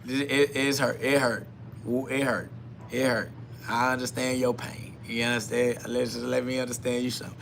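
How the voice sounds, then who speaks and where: Preachy man with a bright voice. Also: medium pitch, flat delivery, moderate pace, gravelly, a little hiss or hum. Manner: preachy, repetitive, swings between quiet musing and loud emphatic bursts with laughter. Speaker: podcast host. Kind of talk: live-streamed spiritual self-talk.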